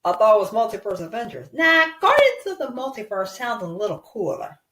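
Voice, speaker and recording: Woman, toy-play narrator, high lively voice, excitable, slow delivery, echoey room. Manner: excitable, cheering and sound effects.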